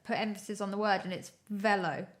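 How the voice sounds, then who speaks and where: A woman co-hosting a podcast in casual chat, teasing with quick quips. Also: mid-range voice, level tone. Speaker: podcast co-host.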